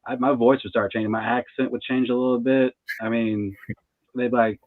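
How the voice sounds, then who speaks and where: A man's voice: medium pitch, steady tone, fairly quick, no echo. Man in his 30s, tarot reader guest, laid-back casual talk, tinny phone-line sound, dry. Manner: laid-back, laughs between thoughts. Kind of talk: casual interview chat.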